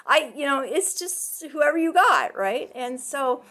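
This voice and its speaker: A middle-aged woman with a high voice talks through a class case presentation as a counseling student. Her speech is loose and chatty, full of "you know" and "um", and she often breaks into laughs. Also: expressive, slow pace, sharp tone. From Canada.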